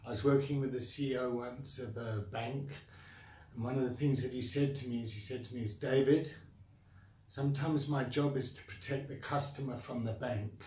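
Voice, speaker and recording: A man's voice: mid-range voice, steady tone, normal speed, darkish tone, roomy sound, recorded from a distance. Blunt, frustrated South African man. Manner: frustrated, blunt, repetitive venting with sighs. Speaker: founder of a coaching academy. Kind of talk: direct-to-camera rant.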